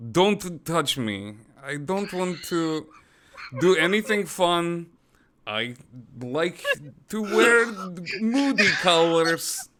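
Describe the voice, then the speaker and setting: A man doing a slow, sullen mock-Russian tough guy. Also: sits high, very animated, background noise, voice pushed up, heavily acted. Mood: mock-menacing. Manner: slow, heavy, halting words.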